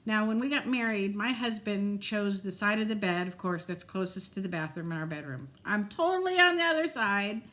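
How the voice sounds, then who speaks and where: A middle-aged woman chatting casually in a home vlog, animated and quick to laugh. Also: medium pitch. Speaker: vlogger. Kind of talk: casual chat.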